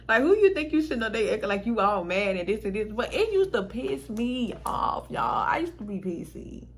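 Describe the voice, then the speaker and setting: A woman's voice: mid-range voice, very animated, fairly quick, few pauses, breathy edge, poor audio. A woman vlogger telling a personal story in casual storytime style, frank and exasperated, swearing freely and laughing between lines.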